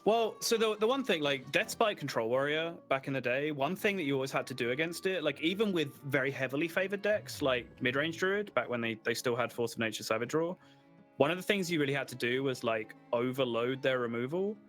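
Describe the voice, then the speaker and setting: A man's voice: medium pitch, lively intonation, a little fast, a bit bright, soft background music. A man casting a live card game tournament, explaining plays at length with lots of casual fillers. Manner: analytical, filler-heavy explaining. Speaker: esports caster.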